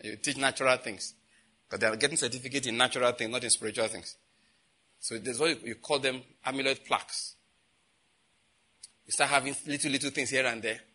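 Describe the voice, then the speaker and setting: Husky, bright-voiced preacher man. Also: medium pitch, steady tone, brisk, long pauses. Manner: rhetorical questions answered by himself, emphatic repetition. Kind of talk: sermon teaching.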